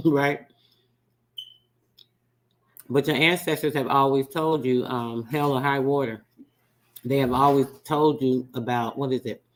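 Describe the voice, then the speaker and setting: A man hosting a radio show, casually reacting to a recording he plays, thinking aloud and excitable, with asides and restarts. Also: medium pitch.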